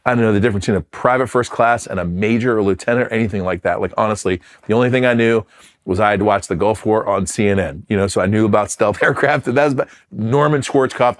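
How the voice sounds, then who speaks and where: Recounting his life in an interview, a middle-aged Philadelphia man who once flew fighters for the Marines speaks in a fairly low voice. He is frank and pokes fun at himself, often restarting and using fillers.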